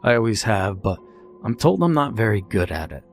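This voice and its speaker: A man's voice: lowish voice, sing-song, normal speed, faint music behind. A man voicing a cheerful, overly comfortable male captor who coaxes his prisoner like a proud host cook. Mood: coaxing. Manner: chipper, coaxing, overly comfortable.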